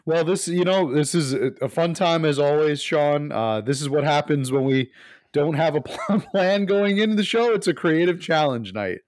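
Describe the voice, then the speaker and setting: A man co-hosting a podcast in casual chat, talking in halting, rambling restarts. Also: on the high side, expressive, darkish tone. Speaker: podcast co-host.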